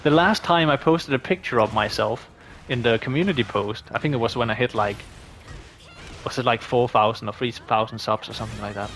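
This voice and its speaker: A man's voice: medium pitch, a little fast, a bit bright. A young man from Denmark with a Danish accent with a slight British tinge, answering viewer questions in a casual, rambling way with many restarts. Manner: rambling, with frequent restarts and fillers. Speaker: gaming YouTuber. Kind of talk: casual Q&A monologue.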